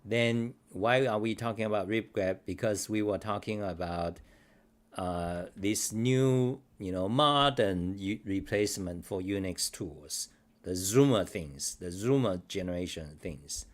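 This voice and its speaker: A man with a somewhat low voice hosts a casual livestream show. He rambles in a blunt, unpolished way and swears freely. He also answers the live chat as he goes. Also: measured pace. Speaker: host.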